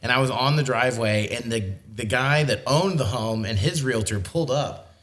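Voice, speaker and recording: A man's voice: mid-range voice, normal speed, a bit bright. Joking podcast co-host, a man. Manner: joking anecdotes. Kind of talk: casual podcast chat.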